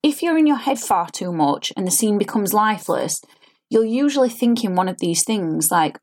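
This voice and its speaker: A woman's voice: mid-range voice, lively intonation, normal speed, a little mellow. A woman, an acting coach giving an earnest, explanatory spoken lesson and demonstrating line readings.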